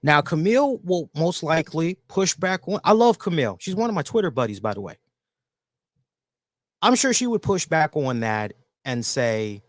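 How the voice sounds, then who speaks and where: Man, fairly high voice, animated, emphatic, solo wrestling review, dry studio sound. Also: moderate pace, no echo. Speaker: wrestling show reviewer, host.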